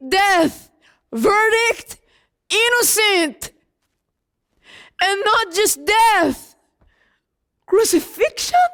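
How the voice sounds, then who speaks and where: Woman as a grieving, indignant apostle, high voice, slow and emphatic. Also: fairly bright tone, full character voice. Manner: emphatic and indignant, talks straight to the listener. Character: young apostle John, a man, grieving and indignant. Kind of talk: dramatic first-person monologue.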